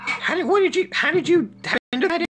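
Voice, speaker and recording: A man doing a shrill, startled young fighter. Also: animated, fast talker, fairly bright tone. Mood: bewildered. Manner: shrill, bewildered questions.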